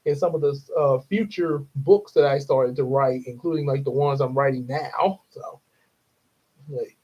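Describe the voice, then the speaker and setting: A man's voice: a little high, darkish tone, slightly rough. A young man, hosting a casual livestream, rambling with frequent chuckles and fillers. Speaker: livestream host. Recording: dull lo-fi stream audio.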